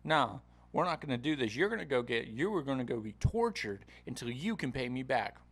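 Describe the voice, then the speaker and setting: A man's voice: medium pitch, sing-song, brisk, fairly bright tone, breathy edge, exaggerated voice. A man voicing a fed-up king who scolds a servant in casual slang. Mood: stern.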